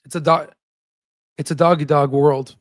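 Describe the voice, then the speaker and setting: A man's voice: on the high side, little pitch movement, moderate pace, no echo, studio quality. A man hosting a casual stock market livestream, talking in a heated, rambling way and tagging his points with "right?". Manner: heated and ranting, with frequent "right?" tags; rambling with restarts and self-corrections.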